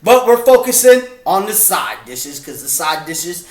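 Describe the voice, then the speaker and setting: A man's voice: high-pitched, sing-song, a little slow. A man hosting his own video in casual chat, playful and rambling, often breaking off to restart. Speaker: video host. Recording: echoey room.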